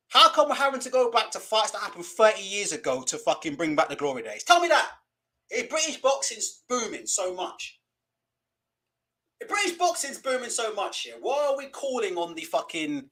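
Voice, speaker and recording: West Indies-born vlogger, animated and profane, high lively voice. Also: male voice. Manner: animated, laughing, swearing. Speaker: boxing vlogger. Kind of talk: casual ranting vlog.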